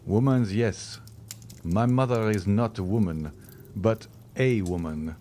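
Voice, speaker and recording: A man's voice: on the low side, takes it slowly, warm tone, a little hiss or hum. A man reading the part of an earnest, eager young viscount. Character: young viscount, eager and devoted to his mother.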